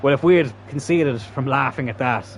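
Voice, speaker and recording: A man's voice: medium pitch, normal speed, slight background noise. A man giving casual, chatty commentary while playing a football video game, swearing freely. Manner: chatty, swearing, bursts into loud laughter. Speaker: gaming YouTuber.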